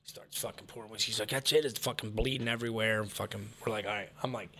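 A man's voice: on the low side, rapid-fire. A man casually telling a story, cursing often and acting out each person's lines. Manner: profane, animated, acts out quotes.

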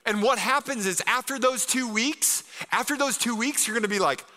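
A pastor preaching a sermon in an energetic, casual way, often asking the congregation "amen?". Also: male voice, extremely high pitch, moderate pace, long reverb tail.

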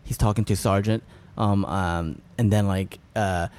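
A man's voice: lowish voice, fairly even intonation, moderate pace, darkish tone, clear, resonant tone. A man co-hosting a podcast, discussing a film casually and hesitantly, with many fillers. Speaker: podcast co-host.

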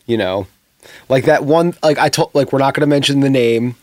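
A man's voice: medium pitch, brisk. A man talks in blunt, casual chat and swears freely. His voice sits in a dry, close-miked sound with no room echo. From New York. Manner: blunt, swearing, animated retelling. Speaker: podcast co-host, tour crew.

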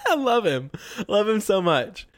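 A man's voice: sits high, sing-song, moderate pace. A man co-hosting a casual show recap, laughing often, swearing freely and acting out characters' lines. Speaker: podcast co-host recapping an anime. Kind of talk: casual chat.

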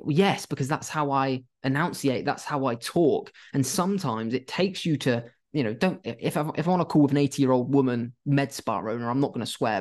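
A young man with a mid-range voice talks straight to the camera about running his agency. He is blunt and animated and swears now and then. He acts out phone calls with clients as he goes. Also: mid-range voice. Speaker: agency owner giving business advice. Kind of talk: casual talking-head advice.

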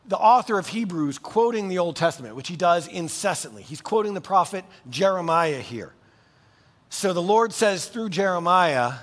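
A man preaching a sermon as pastor, animated and conversational, with casual asides to the congregation. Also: sits high, long reverb tail.

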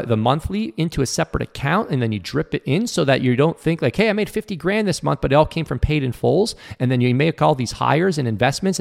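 Speaking in a darkish, mid-range voice with vocal fry, a man hosts a motivational podcast aimed at entrepreneurs. His tone is earnest and coaching, and he acts out the people he quotes.

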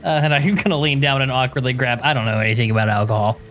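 A man's voice: medium pitch, fairly even intonation, fast talker, a bit bright, a little hiss or hum. A man playing in a tabletop game, hesitant and giggly as he describes his moves. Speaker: player. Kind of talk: casual tabletop play.

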